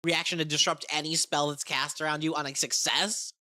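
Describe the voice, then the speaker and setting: A woman chatting excitedly about a tabletop game, profane and rambling, often restarting her sentences. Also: sits low, a little fast. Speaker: game content creator. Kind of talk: casual tabletop game review.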